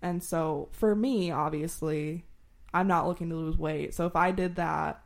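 A woman's voice: sits low, steady tone, a little slow, creaky. A young woman in casual chat, explaining things in an informal, chatty way and laughing often.

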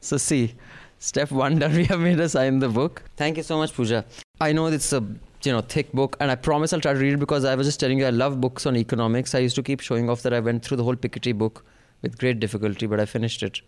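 Smooth-voiced Indian man hosting a podcast. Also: medium pitch, fairly even intonation, fast talker, a little mellow. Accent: Indian English. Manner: joking, rambling news rundown. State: out of breath. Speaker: podcast host. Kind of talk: casual political podcast chat.

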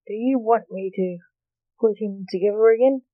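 A woman voicing a quick-tempered young male magician who answers sharply and defensively, in a storybook reading. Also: mid-range voice, dry recording, narrow, tinny audio, close to an everyday voice.

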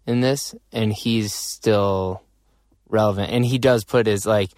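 A man interviewing a musician, relaxed and halting, searching for his words. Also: fairly low pitch, dry recording, studio quality. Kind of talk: casual interview questions.

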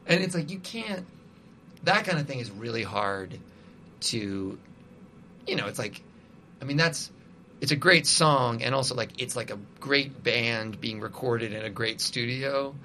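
A man's voice: mid-range voice, animated, a little slow, pushed and bright, a little hiss or hum. A man, a musician guest, chatting casually and rambling with lots of "like" and restarts. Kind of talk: casual conversation.

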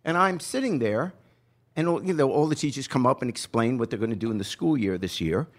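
A man's voice: medium pitch, fairly quick. An older man spins a family anecdote on a podcast. His voice rises and falls widely as he acts out each quoted line. The talk is casual and chatty. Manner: animated storyteller, acts out quotes. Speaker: podcast host. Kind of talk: casual storytelling chat.

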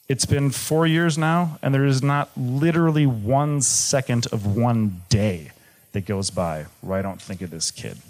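A young man from Michigan telling a personal story on stage, candid and swearing freely, moving between jokes and gravity. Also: fairly low pitch. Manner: candid, swearing, shifts from jokey to grave. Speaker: live storyteller.

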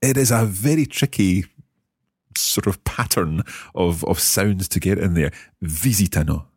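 A man teaching a language lesson, patient and encouraging, slowing down to model pronunciation. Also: deep voice, lively intonation, darkish tone, breathy edge, no echo, clean studio sound. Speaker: language teacher and podcast host.

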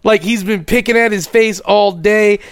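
High-voiced profane storyteller man. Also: moderate pace, clear, resonant tone, dry recording, clean studio sound. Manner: profane, animated, acts out others in a lower voice. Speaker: podcast co-host telling a story. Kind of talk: casual storytelling chat.

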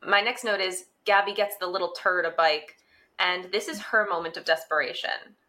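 Bright-voiced woman podcast co-host. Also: fairly low pitch, moderate pace. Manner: relaxed, amused, reads from her notes. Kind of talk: casual recap chat.

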